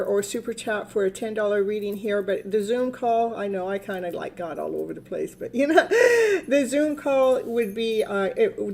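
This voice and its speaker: A woman's voice: mid-range voice, mellow. A woman, a tarot reader hosting a live stream in casual, rambling chat, laughing often.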